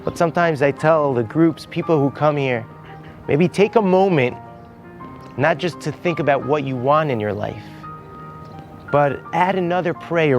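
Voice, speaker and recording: Earnest rabbi telling a story outdoors. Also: male voice, fairly high pitch, dull audio. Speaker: rabbi and guide. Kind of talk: storytelling talk on location. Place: outdoors at a busy holy site.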